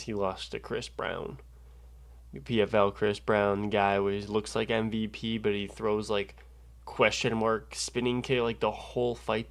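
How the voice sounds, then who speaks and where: A man casually breaking down fights and making picks, profane and ranting, getting worked up as he argues. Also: fairly low pitch. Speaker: MMA betting analyst.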